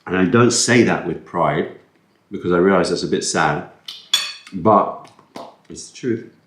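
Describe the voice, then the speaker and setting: A food vlogger with a low, unhurried voice chats casually while eating curry at a table indoors, rambling, self-deprecating and sometimes talking with his mouth full. The camera-mounted mic catches an echoey room and slight background noise.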